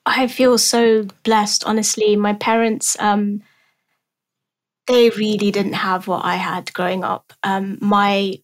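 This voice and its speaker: A woman's voice: mid-range voice, level tone, slow. Earnest, effusive woman guest. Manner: earnest, effusive, repeats words. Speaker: podcast guest, educator. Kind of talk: heartfelt conversation.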